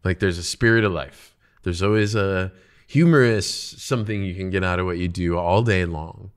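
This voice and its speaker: Man, podcast host, very low voice, casual, rambling. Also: moderate pace, smooth. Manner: rambling, trails off and restarts. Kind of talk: casual conversation.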